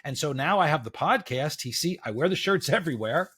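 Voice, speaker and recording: A middle-aged man, a podcast guest, telling a story in a casual, animated way and acting out what people said. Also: a little high, fairly quick, breathy edge. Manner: animated storyteller, acts out quotes, says "da, da, da".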